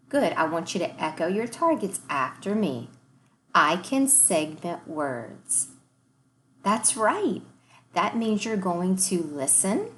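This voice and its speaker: Slow, encouraging woman teacher. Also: on the low side, fairly bright tone, slight background noise. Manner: sounds out words slowly, cheerful and encouraging. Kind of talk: recorded reading lesson for young children.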